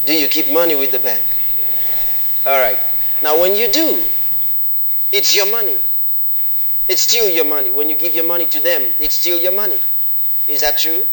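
A man's voice: a little high, pushed and bright. A man preaching a sermon, repeatedly questioning the congregation and pressing his points with emphatic repetition. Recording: long hall reverb, faint noise.

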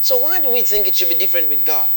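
A man's voice: high-pitched, very animated, very fast, sharp tone. Preacher questioning his congregation in a reverberant hall. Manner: questions the congregation, repetitive and emphatic. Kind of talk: sermon. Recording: long hall reverb, faint noise.

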